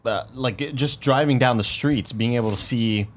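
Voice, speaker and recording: A man co-hosting a podcast, asking questions in relaxed casual chat. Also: medium pitch, normal speed. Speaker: podcast co-host.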